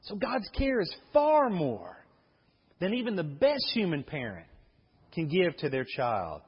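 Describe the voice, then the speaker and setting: Male pastor, earnest sermon delivery, slightly high voice; muffled recording in a long-reverb sanctuary. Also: huge pitch swings, measured pace, husky. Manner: earnest preaching with rhetorical questions and repetition. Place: church sanctuary.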